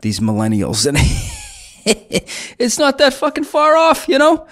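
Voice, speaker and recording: A man's voice: medium pitch, natural voice. A man doing a ranting, foul-mouthed comedian. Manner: profane, ranting. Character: gruff, foul-mouthed middle-aged male comedian, ranting.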